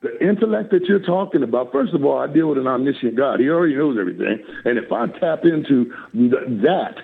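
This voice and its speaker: An older man on a phone call as a talk guest, talking in a lively, preacherly way and laughing often. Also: medium pitch, fast talker, creaky, slightly rough. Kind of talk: casual chat. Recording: tinny phone line.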